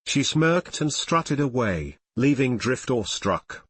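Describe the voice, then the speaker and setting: Animated male fan fiction reader. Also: medium pitch, slow, hardly any pauses, slightly rough, no echo. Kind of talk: audiobook reading of fan fiction.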